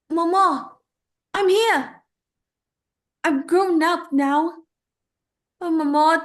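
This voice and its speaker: A woman playing a grieving young ghost. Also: sits high. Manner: tender, pleading, halting delivery. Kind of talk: dramatic monologue reading.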